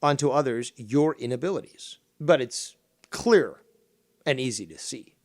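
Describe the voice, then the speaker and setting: A man's voice: medium pitch, expressive, a little slow, darkish tone, no echo, clean studio sound. A man hosting a call-in stream, ranting in an angry, mocking way with a lot of swearing. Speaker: stream host. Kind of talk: ranting livestream commentary.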